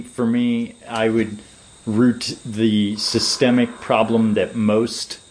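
A man giving long, measured, lecturing answers as a permaculture designer in an interview. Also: fairly low pitch, a little hiss or hum, rough recording.

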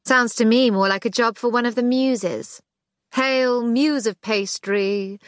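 A woman's voice: on the high side, slow, no echo, clean studio sound, pitched above the performer's own voice. A woman voicing a genteel, shabby bohemian hostess who teases her dinner guests. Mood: hospitable. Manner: bright, teasing, hospitable.

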